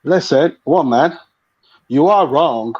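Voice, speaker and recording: A man's voice: on the high side, expressive, slow, breathy edge, lo-fi sound. A man joining a casual panel chat over a video call, explaining things at length with many restarts and fillers. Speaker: panel guest.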